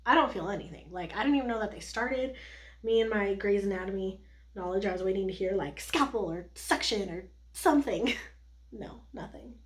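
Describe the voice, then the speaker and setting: A young woman chatting to her camera, telling a personal story in a loose, rambling way. She peppers her talk with "like" and quick laughs, at an ordinary mid pitch for a woman. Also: animated. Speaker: vlogger. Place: at home doing makeup.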